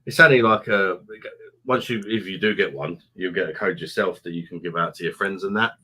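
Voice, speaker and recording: A man's voice: sits low, fairly quick, pushed and bright, husky. A man hosting a casual online pub live stream, reading out viewer comments, laughing often and trading crude, sweary banter.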